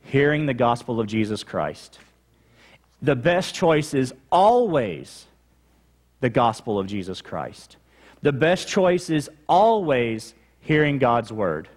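A man's voice: medium pitch, very animated, slow. A male pastor preaching a teaching sermon, explaining the text and repeating key points for emphasis.

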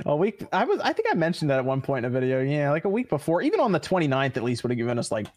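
A man's voice: on the high side, sing-song, quick pace, darkish tone, dry recording, clean studio sound. A man hosting a casual gaming podcast, laid-back and laughing often as he reads out viewer comments. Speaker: podcast host reading Super Chats. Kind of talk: casual chat.

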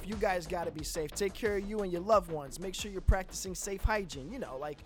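A man with a high voice opens a podcast like a carnival barker, loose and slangy. A clear music bed plays under him. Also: fairly quick, hardly any pauses. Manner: showman announcer, loose and slangy. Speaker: podcast host. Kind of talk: hyped podcast intro.

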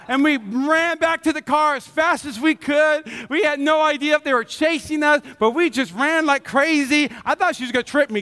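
A man preaches to his congregation with a high, bright voice. He tells stories animatedly, jumping into shouted quotes. His voice rings with a long reverb off the church hall. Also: fairly quick, hardly any pauses. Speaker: pastor. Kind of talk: sermon.

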